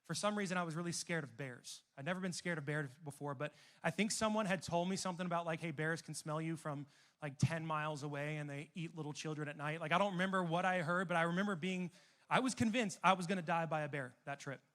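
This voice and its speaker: Young guy preaching to teens, kinda high voice, gets loud then goes real quiet. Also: quick pace. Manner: storytelling, shifts between loud emphatic and soft hushed. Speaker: youth pastor. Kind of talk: sermon.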